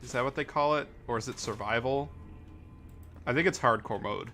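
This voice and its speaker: A man's voice: mid-range voice, moderate pace, creaky, sharp tone, faint music behind. A young man casually commenting on a game during a live stream, rambling, correcting himself and laughing a lot.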